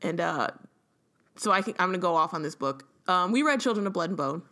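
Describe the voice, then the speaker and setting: A woman's voice: on the low side, lively intonation, brisk, bright, forceful tone. A woman co-hosting a podcast, talking casually about a book and leaning on "like" a lot. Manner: chatty, lots of "like", laughs often. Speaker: podcast co-host. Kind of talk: casual book-club chat.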